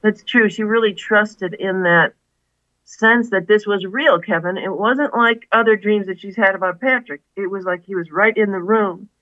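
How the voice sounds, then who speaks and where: A woman's voice: mid-range voice, moderate pace, no echo. Woman, author guest, earnest storytelling, dull dry sound. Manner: earnest, animated retelling with asides. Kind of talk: storytelling in a radio interview.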